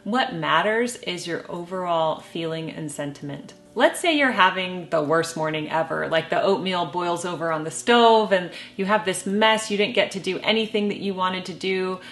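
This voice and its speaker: Middle-aged woman vlogging advice, calm and measured, bit of humor, lowish voice. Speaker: lifestyle vlogger. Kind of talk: casual advice talk to camera.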